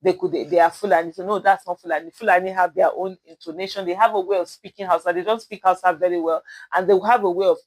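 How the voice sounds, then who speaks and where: A woman's voice: lowish voice, fairly even intonation, fast talker, dry recording, low-quality recording. A Nigerian woman from Edo State with an Edo accent, hosting casual spoken commentary, rambling with many fillers and self-corrections, earnestly urging her listeners. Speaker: commentary host.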